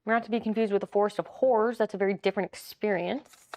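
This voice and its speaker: A woman's voice: mid-range voice, steady tone, fast talker, darkish tone. Chatty woman streaming a board game. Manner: chatty, giggly, talks to chat. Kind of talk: casual live playthrough chat.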